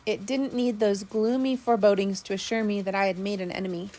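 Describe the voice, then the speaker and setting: A woman narrating a first-person sea story, steady with small slips. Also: medium pitch, fairly quick. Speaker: audiobook narrator.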